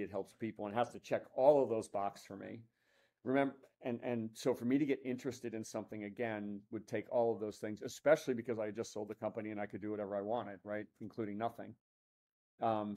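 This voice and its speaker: A man who is a guest entrepreneur on an interview podcast, telling an animated story and acting out the dialogue in it. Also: medium pitch. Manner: animated, acts out dialogue in his anecdotes.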